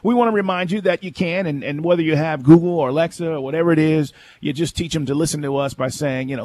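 A man's voice: a little high, quick pace, few pauses. A man co-hosting a sports radio show, talking energetically and reading promos between segments. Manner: energetic, reads station promos and phone number.

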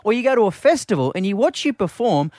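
A man's voice: high voice, fast talker, dry recording. Aussie guy hosting breakfast radio, voice jumps all over, dry close studio sound. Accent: Australian. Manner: lively, jokey banter. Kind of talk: casual on-air chat.

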